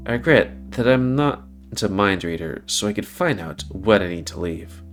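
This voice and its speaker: A man reading a guarded young laborer in a game story, blunt and wry. His voice sits fairly low and plain. Faint guitar plays underneath. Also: animated, normal speed.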